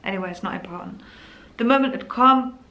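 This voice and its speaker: A woman's voice: on the high side, brisk, bright, forceful tone, highs cut off. A young woman telling her own birth story in a candid, emotional, rambling way. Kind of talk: casual personal storytelling.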